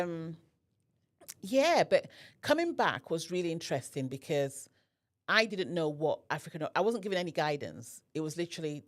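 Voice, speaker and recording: A woman's voice: deep voice, fairly quick. A woman guest on a podcast telling a personal story and acting out the dialogue. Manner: animated, acts out quoted dialogue.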